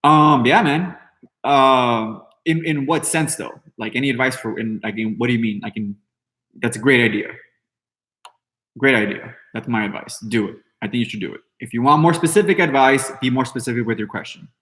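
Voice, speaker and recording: A man's voice: medium pitch, normal speed, fairly bright tone. A man in his thirties hosting a podcast, talking loosely and answering chat with blunt, profane, rambling remarks. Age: 30s. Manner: brash, heavy swearing, rambling with fillers. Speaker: podcast host. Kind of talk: casual live-stream talk, answering chat.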